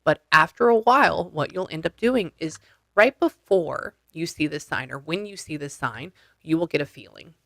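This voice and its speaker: Blunt, bright-voiced man coaching over a call. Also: fairly high pitch, animated, moderate pace, creaky, dry recording. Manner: blunt, casual, coaching step by step; swears freely. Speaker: spiritual medium. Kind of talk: one-on-one session over video call. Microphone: video call.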